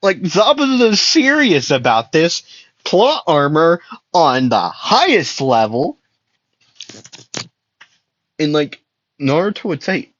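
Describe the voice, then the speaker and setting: A man's voice: sits high, sing-song, a little slow, long pauses, a bit bright, no room sound, muffled recording. A young man improvising an anime fan story, rambling with many fillers and restarts and laughing at his own jokes. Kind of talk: improvised fan story, voicing characters loosely.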